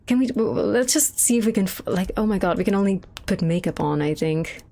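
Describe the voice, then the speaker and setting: A young woman streamer talks through her screen in loose, rambling commentary. She swears freely and reacts with blunt opinions, her voice at an ordinary middle pitch. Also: animated, brisk, mellow. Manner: rambling, swearing, laughing often. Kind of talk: casual gameplay commentary.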